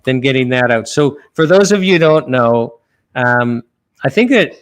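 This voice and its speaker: A man's voice: mid-range voice, expressive, normal speed, smooth. Earnest man retelling a parable. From Canada. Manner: earnest, retells a parable with many restarts and fillers. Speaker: lawyer guest. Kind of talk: conversational podcast talk.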